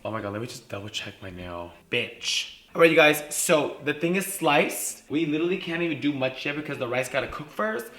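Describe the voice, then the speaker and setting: A man's voice: fairly high pitch, lively intonation, brisk, few pauses, a bit bright, echoey room. A man chatting his way through a cooking vlog in his home kitchen, sassy and profane, saying "like" and "literally" all the time. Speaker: vlogger cooking on camera.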